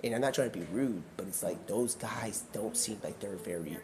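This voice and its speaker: A man with a lowish voice hosts a live stream, rambling through a long story at a normal speed. He acts out the characters he quotes in shifting voices, and a crowd can be heard in the background.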